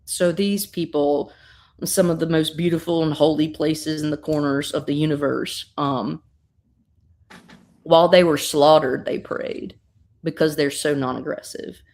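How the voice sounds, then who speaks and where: A woman with a notably low voice casually recaps a comic book. She tells the story in an animated way, swears freely and fills her pauses with plenty of "um"s and "uh"s. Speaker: guest reviewer.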